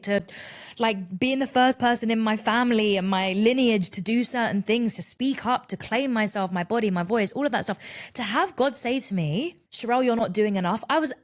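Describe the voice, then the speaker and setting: Woman, 30s, solo podcast host; candid, expressive, profane, conversational delivery. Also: on the high side, moderate pace. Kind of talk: casual solo podcast monologue.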